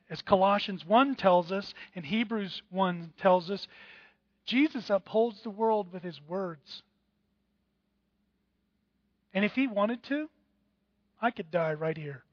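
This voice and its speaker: Animated man preaching a sermon. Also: high-pitched, dry recording, dull audio. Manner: animated preaching, acting out voices of others. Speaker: pastor.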